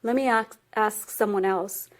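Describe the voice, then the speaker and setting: A woman's voice: mid-range voice, unhurried, natural voice. A woman voicing a pleading young boy. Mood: questioning.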